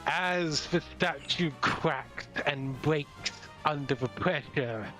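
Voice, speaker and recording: A man's voice: a little high, slow pace, sharp tone. A man narrating as the game master of an online tabletop role-playing game, with faint music behind.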